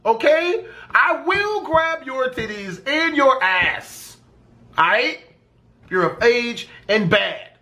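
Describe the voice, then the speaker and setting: A young man telling a crude story from his own life in a casual, rambling way, animated and full of swearing, sometimes breaking into excited shouts. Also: very high-pitched, slow.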